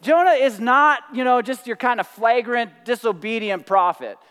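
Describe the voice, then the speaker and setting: A man preaching a sermon, lively and animated, acting out the quoted voices and laughing often. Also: extremely high pitch, normal speed, clear, resonant tone, in a large hall. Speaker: pastor.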